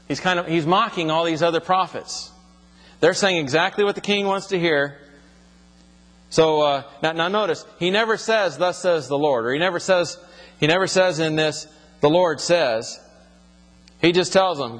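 A man's voice: fairly high pitch, lively intonation, moderate pace, pauses often, a bit bright, long reverb tail. A man teaching from the Bible, reading passages aloud and then explaining them in plain, conversational words.

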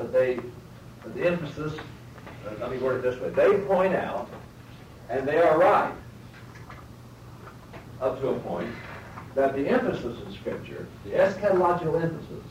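A man teaching a Bible lecture at a middle pitch, working through points by rephrasing and asking his class questions. He sits some distance from the mic in a roomy space, with a faint hiss of background noise. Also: a little mellow, muffled recording. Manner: explains step by step, rephrases, asks the class questions.

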